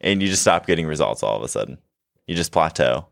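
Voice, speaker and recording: Young man, podcast co-host, very low voice, animated swings, dry close sound, jokey. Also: fast talker, vocal fry, dry recording. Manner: animated, laughs often, jokey. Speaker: podcast co-host, health coach. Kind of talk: casual podcast chat.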